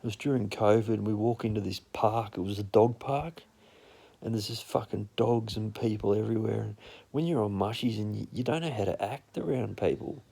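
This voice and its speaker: Gravelly Australian guy telling wild stories. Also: fairly low pitch, a little fast, mellow, dry recording. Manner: rambling, profane, blunt. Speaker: storyteller. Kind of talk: casual anecdotal storytelling.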